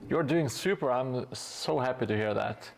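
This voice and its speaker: A man's voice: medium pitch, normal speed, creaky. A tired man from Norway chatting casually with viewers on a live stream while painting, joking and hesitant with many fillers.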